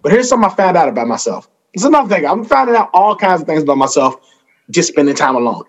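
A man doing a stand-up set, telling self-mocking stories in an animated way. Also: on the high side, fast talker. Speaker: stand-up comedian.

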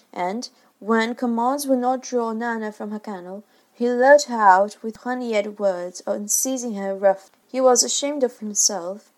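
A woman reading a classic children's story aloud with expressive, varied delivery. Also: fairly high pitch. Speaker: reader. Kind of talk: storybook narration.

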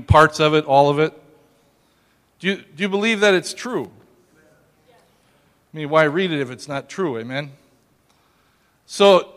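A male pastor preaching a sermon, emphatic and conversational, calling out to his congregation and swinging from hushed asides to loud exclamations. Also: a little high, in a large hall. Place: church sanctuary.

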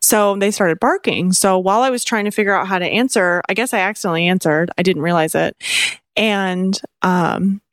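A young woman tells a story to her podcast co-host, lively and quick to laugh. Her voice sits in a middle register, and the recording is dry and close with no room around it. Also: dry recording. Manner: animated, laughs often, acts out quotes in high voice. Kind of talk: casual chat, storytelling.

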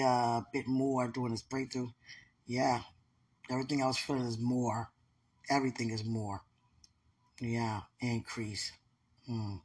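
A woman's voice: a bass voice, darkish tone, husky. A woman in an intimate, casual call with her partner, affectionate and laughing often as she talks about faith.

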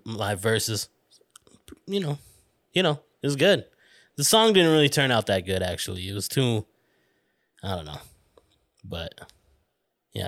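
A man's voice: on the low side, a bit bright, no echo, studio quality. A man hosting a podcast in casual chat, rambling and self-conscious, laughing and swearing. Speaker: podcast host.

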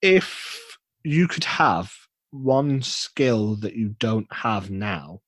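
A man's voice: on the low side, animated, extremely slow, a bit bright, no echo. A man hosting a podcast in casual, bantering chat, swearing now and then. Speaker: podcast host.

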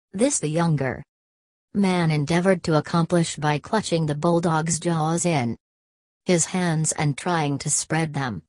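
A woman narrating a novel aloud in a steady, measured reading. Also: low voice, no echo. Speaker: audiobook narrator. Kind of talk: scripted narration.

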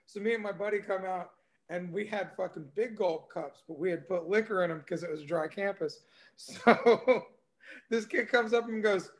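A man's voice: sits high, normal speed. A man co-hosting a podcast in casual chat. He is laid-back, swears freely and laughs often while telling stories.

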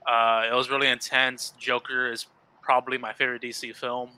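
A man's voice: mid-range voice, level tone, fairly quick, bright, forceful tone, smooth, no echo, rough recording. A man co-hosting a casual podcast, talking earnestly and easily about favorite movie scenes, with frequent fillers. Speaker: podcast co-host. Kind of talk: casual podcast chat about superhero films.

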